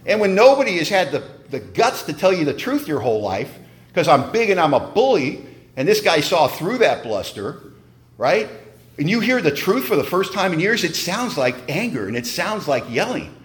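A man's voice: a little high, sing-song, moderate pace. A man giving a humorous, emphatic personal testimony at a recovery meeting, in a conversational storytelling manner.

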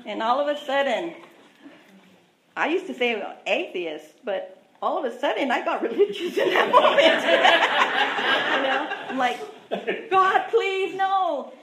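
Her high-pitched, expressive voice moves at a moderate pace as she shares her recovery testimony in an echoey room with background noise. She's candid and self-mocking, chatting away with plenty of asides.

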